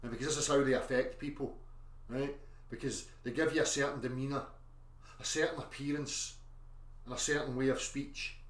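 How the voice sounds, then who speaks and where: Man doing a calm, mock-polite expert. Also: medium pitch, roomy sound, voice pushed down, lightly acted. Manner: soft, slow, emotionless, mock-polite.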